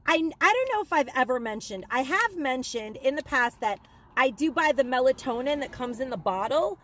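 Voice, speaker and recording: A woman's voice: sits high, animated, normal speed, fairly bright tone, a little hiss or hum. A middle-aged woman vlogger telling a rambling story in casual chat, with many ums and likes. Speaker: haul vlogger.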